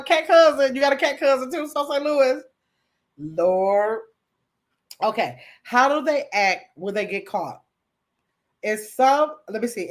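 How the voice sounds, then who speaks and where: Woman chatting on a livestream, kinda high voice, laughs a lot, talks to chat. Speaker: livestream host. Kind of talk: casual livestream chat reading comments.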